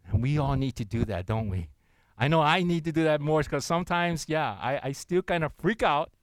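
A man preaching as a pastor, earnest and gentle, his voice sitting a little high for a man. The sound is dry and close, with no room around it. He drops into hushed, intimate stretches and then reads scripture loudly and slowly. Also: expressive, no room sound, rough recording. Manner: earnest, gentle and intimate, with loud slow scripture reading led with the congregation. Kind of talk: sermon.

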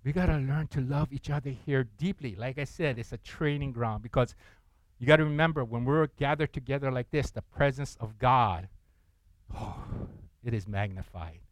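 A man preaching a sermon with animated delivery, putting on excited voices in the quotes he acts out and asking the congregation questions. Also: medium pitch, normal speed, no echo. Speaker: pastor.

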